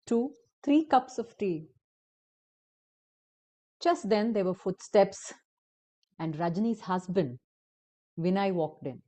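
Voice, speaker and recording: A woman storyteller narrating a story for adults in a deliberate, expressive way. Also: medium pitch.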